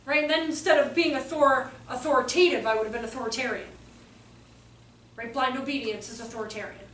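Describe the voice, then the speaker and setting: A woman with a high, bright-pitched voice gives a fast, animated talk to a live audience, acting out quotes as she goes. She is heard from a distance in a roomy hall. A faint hum sits underneath. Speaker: workshop presenter.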